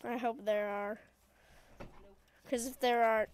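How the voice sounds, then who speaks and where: Excitable high-voiced woman with voice cracks. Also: measured pace, long pauses, clear, resonant tone. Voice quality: prone to voice cracks. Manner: excitable, shrieking and chattering at the game. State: sniffly. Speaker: gaming video creator. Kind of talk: gameplay commentary.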